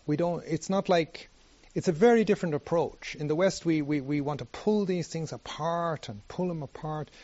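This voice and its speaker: A man giving a meditation teacher's dharma talk, halting often with restarts and "you know". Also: a little high, darkish tone, no echo, lo-fi sound.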